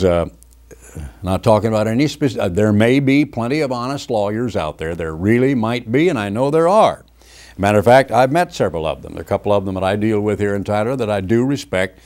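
A man's voice: lowish voice, darkish tone. An older man preaching a conversational sermon from his home study, reading scripture and mocking the voices of others.

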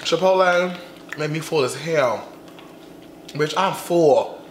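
A man's voice: on the high side, roomy sound, slight background noise. A young man vlogging a mukbang, sassy and chatty, talking while stuffed full after eating. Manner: sassy, chatty, drawn-out slangy talk. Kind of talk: casual mukbang vlog chat.

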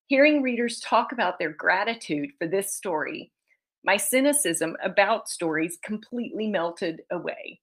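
A woman's voice: medium pitch, animated, normal speed. Tearful, emotional woman author presenting over a video call; reads children's letters aloud and laughs often. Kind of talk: conference presentation reading letters.

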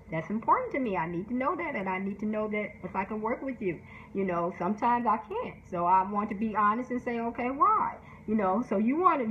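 A woman who is a book promotion specialist giving candid, animated advice in a casual talk, often laughing and briefly mimicking other people's voices. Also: mid-range voice. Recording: slightly dull sound with faint background noise.

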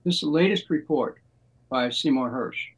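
An older American man, a former congressman, speaking as a guest in a measured, deliberate way with frequent pauses. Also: medium pitch, breathy edge, poor audio. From United States. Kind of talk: political interview.

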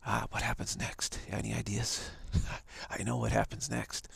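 A man's voice: on the low side, little pitch movement, a little slow, gravelly, slightly rough, dry recording. A man on a live stream, telling a long hypothetical story in a rambling way with many restarts. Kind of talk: storytelling monologue. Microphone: home setup for a live stream.

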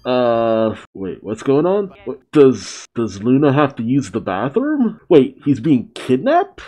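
A man's voice: mid-range voice, big pitch swings, slow, mellow. A man hosting a reaction video, talking casually, often laughing, exclaiming and swearing.

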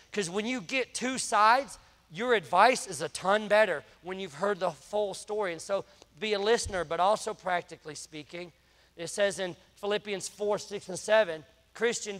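A man's voice: high voice, fairly bright tone, long reverb tail. A man preaching a sermon, telling a story in a conversational way. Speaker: pastor. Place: church sanctuary.

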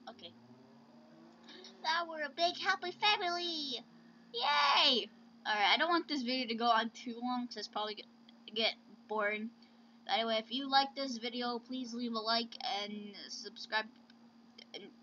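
A woman's voice: a little high, pushed and bright, slight background noise. A woman hosting let's-play commentary, chatting to her pets with sudden squeals, close to a home mic. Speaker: gaming channel host. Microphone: close desk mic. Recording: dull lo-fi recording.

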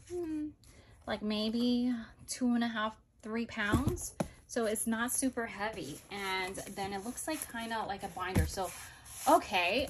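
A woman's voice: medium pitch, slight background noise. Gushing woman showing off planners. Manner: gushing, excitable, thinks aloud. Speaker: planner vlogger. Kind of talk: casual product haul chat.

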